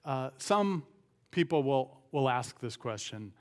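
A man's voice: mid-range voice, lively intonation, takes it slowly. A male pastor preaching a sermon, reading scripture and acting out the voices in it.

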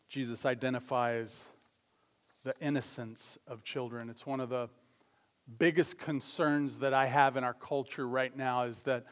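A man preaching a sermon as pastor, talking conversationally with quick asides and self-corrections. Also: medium pitch. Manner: acts out voices in anecdotes.

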